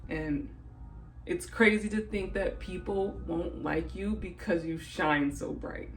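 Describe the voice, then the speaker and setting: A woman's voice: on the low side, slow, slight background noise, low-quality recording. A young woman vlogging about a hard stretch of her life, crying and laughing through tears as she talks openly. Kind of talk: emotional personal vlog.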